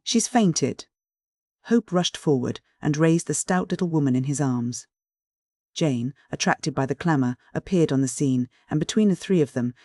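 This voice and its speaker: An audiobook narrator giving a steady, even scripted narration of a classic mystery novel. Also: medium pitch, no room sound, studio quality.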